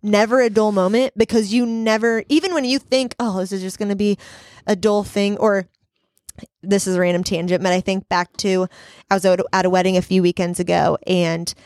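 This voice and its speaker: A woman's voice: mid-range voice, steady tone, a little fast, a little mellow, no room sound, clean studio sound. A young woman hosting a casual faith chat, telling earnest, rambling stories. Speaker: podcast host.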